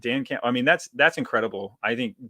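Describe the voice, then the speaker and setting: A man's voice: mid-range voice, expressive, brisk, sharp tone, no echo, clean studio sound. A man co-hosting a casual sports podcast, laid-back and hedging, full of "like" and "you know". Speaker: podcast co-host.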